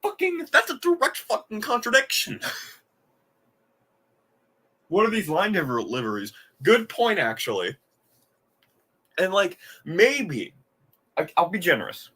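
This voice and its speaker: A man's voice: high voice, huge pitch swings, measured pace, pauses often, bright, forceful tone, breathy edge. A man hosting a live game reaction, ranting with exasperation, swearing often and laughing at what he watches.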